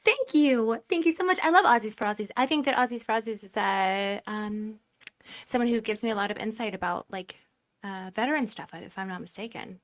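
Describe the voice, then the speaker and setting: Guest: giggly, playful woman, a bit high-pitched, casual chat. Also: fairly quick. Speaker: co-host guest.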